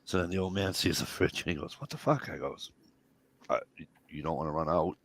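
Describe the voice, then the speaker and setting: A man's voice: extremely low pitch, fairly even intonation, brisk, vocal fry, fairly bright tone, a little hiss or hum. A middle-aged man, telling rambling, profane stories and acting out the dialogue. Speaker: podcast co-host. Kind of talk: casual storytelling chat.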